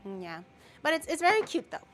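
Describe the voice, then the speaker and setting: A woman's voice: sits high, wildly swooping pitch, a little fast, fairly bright tone. A woman streamer chatting casually and rambling while she bakes, laughing often. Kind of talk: casual live-stream chat while baking.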